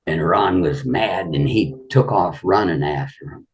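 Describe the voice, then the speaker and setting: A man's voice: sits low, unhurried, husky. An older man, a guest, telling rambling anecdotes in a casual interview and saying "you know" often.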